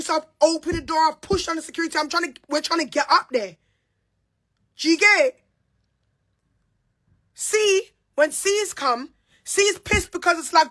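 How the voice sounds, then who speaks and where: Young woman ranting, high sharp voice, heated and repetitive. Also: moderate pace, pauses often. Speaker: reality show cast member. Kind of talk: angry monologue to camera.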